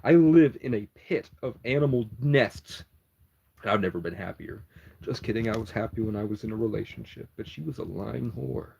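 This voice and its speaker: A man's voice: on the low side, moderate pace, gravelly, darkish tone, slight background noise. A man livestreaming and chatting to his viewers, rambling and swearing as he talks. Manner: profane, rambling, answers chat.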